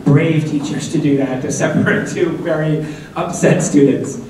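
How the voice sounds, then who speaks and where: A middle-aged man speaks to a school assembly, telling a personal story in a chatty way and putting questions to the crowd. His slightly higher voice bounces around a big, very echoey hall. He is picked up from well off the mic, with faint ambience behind him. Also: steady tone, moderate pace, mellow, distant mic, slight background noise. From Massachusetts, USA. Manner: conversational, asks audience questions, jokey asides.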